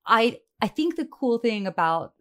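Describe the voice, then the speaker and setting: A woman co-hosting a podcast, chatting casually with animated, playful asides and reading summaries. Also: on the high side, unhurried. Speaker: podcast co-host.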